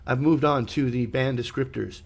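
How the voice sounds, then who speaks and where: A male English teacher talks a student through speaking test feedback in a loose, conversational way. He fills his pauses with ums and uhs, then leans hard on key words to demonstrate stress. His voice sits in an average male range. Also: mid-range voice, steady tone, creaky. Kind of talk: online speaking feedback lesson.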